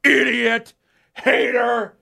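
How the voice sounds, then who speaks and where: A man mimicking an angry football fan who yells taunting insults. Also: extremely high pitch, flat delivery, extremely slow, creaky, pitched above the performer's own voice, exaggerated voice. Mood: mocking, taunting.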